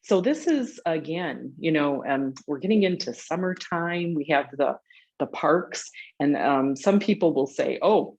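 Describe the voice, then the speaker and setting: A woman's voice: sits low, unhurried, a little mellow. A woman teaching a group laughter exercise over a video call, upbeat and chatty, laughing often. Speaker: laughter yoga instructor.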